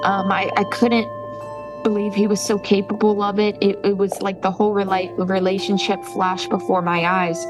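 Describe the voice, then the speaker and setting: A woman in tears, telling a painful personal story in halting speech full of pauses and restarts. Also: mid-range voice, little pitch movement, over music, low-quality recording. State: crying. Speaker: interviewee telling her story. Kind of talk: emotional personal testimony.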